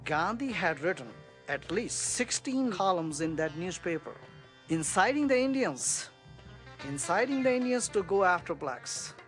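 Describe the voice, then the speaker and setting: A male author speaks in an interview, earnest and accusing. His voice sits a touch high. Faint music runs beneath. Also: big pitch swings, measured pace, fairly bright tone.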